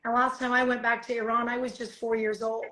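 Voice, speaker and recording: A woman from the United States hosting a live social media stream, animated and repeating phrases for emphasis. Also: a little high, fast.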